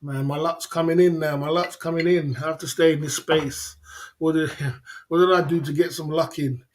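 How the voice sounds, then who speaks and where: A man's voice: a little high, fairly even intonation, normal speed. A man hosting a livestream in casual chat, repeating his phrases, speaking in slang and laughing often. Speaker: livestream host.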